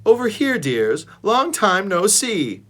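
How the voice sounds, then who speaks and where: A man's voice: wildly swooping pitch, fairly bright tone, heavily acted. A man doing a doting old poodle lady. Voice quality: high, drawn-out. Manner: doting, slow.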